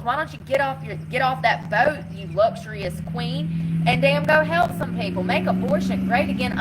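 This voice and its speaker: A woman's voice: fairly high pitch, background noise. A woman chatting bluntly and fiercely to her livestream viewers, sounding worn out. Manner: blunt, fiery, talks back to chat. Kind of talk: casual livestream chat.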